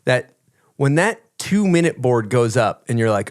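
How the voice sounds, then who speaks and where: A man's voice: medium pitch, sing-song, unhurried. A man hosting a podcast, asking long, laid-back questions and swearing casually. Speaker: podcast host. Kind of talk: casual interview chat.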